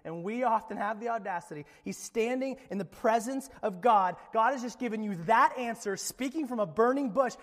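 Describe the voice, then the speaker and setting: A young adult male pastor preaching a sermon in an animated, dramatic way with playful asides. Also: sits high, long reverb tail.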